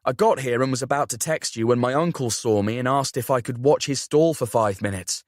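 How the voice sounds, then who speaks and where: A man's voice: medium pitch, no echo, studio quality, close to an everyday voice. A man voicing an earnest, apologetic young man. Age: young adult. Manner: apologetic, quick.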